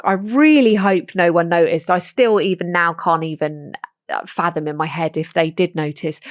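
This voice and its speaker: A woman, co-hosting a podcast and telling stories in casual chat, acting out what others said. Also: mid-range voice. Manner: animated storyteller, quick to act out quotes. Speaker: podcast co-host.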